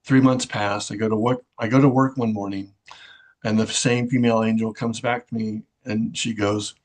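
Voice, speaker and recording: A middle-aged man telling a personal story in a halting way, with many fillers and restarts. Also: on the low side, little pitch movement.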